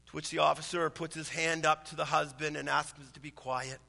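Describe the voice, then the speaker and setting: A man's voice: fairly high pitch, little pitch movement, a little fast, gravelly, sharp tone, long reverb tail. A man in his thirties, a pastor preaching a sermon in a conversational, storytelling way. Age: 30s.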